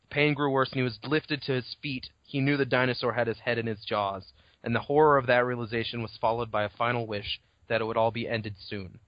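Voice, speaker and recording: A man co-hosting a casual book podcast, talking in an animated way and swearing freely as he acts out scenes. His voice sits at an ordinary middle pitch. The recording is dull and lo-fi but dry, with no room sound. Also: fairly quick, no room sound. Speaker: podcast co-host.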